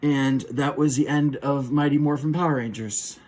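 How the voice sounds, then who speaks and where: A man's voice: medium pitch, normal speed. A man playfully retelling a show with action figures, doing voices and sound effects. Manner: animated, does silly voices and sound effects.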